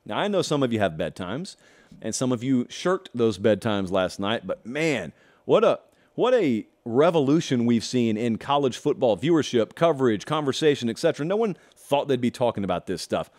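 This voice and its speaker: Animated man hosting a football show. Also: medium pitch, moderate pace. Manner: emphatic, rhetorical questions, sarcastic asides. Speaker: college football show host. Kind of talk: opinion monologue.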